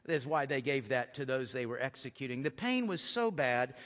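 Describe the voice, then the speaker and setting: A middle-aged man preaching a sermon in a church, swinging between loud emphatic lines and hushed soft ones, often repeating phrases and putting questions to the congregation. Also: medium pitch, sing-song, moderate pace, in a large hall. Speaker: pastor. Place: church sanctuary.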